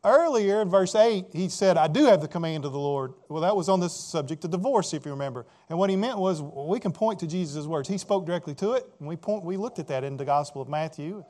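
Pastor, male, slightly high voice; emphatic expository preaching with rhetorical questions. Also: expressive, quick pace, hardly any pauses, darkish tone. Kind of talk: expository sermon.

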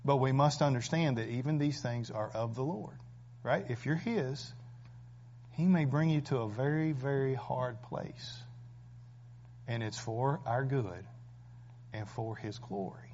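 A man's voice: medium pitch, measured pace, long pauses, a little mellow, slight background noise. A man preaching a sermon, emphatic and full of rhetorical questions. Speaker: pastor. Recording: dull lo-fi recording.

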